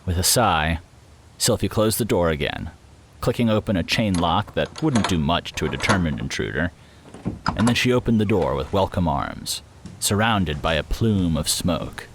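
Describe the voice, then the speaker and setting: Deep-voiced male audiobook narrator. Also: expressive, moderate pace, noisy background.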